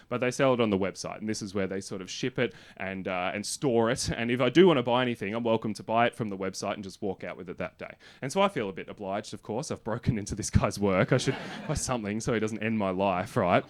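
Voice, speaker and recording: A man's voice: on the low side, a bit bright. Australian man telling a stand-up story. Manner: casual, swearing, conversational. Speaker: stand-up comedian.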